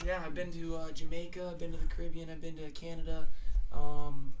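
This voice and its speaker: A man's voice: on the high side, little pitch movement, a little fast. A young man hosting a podcast, rambling and swearing in casual chat, laughing often. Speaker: podcast host.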